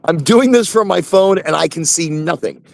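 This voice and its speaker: A man's voice: on the high side, moderate pace, creaky, darkish tone. A man hosting a casual live chat from his phone in his truck, rambling and repeating himself. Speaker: host.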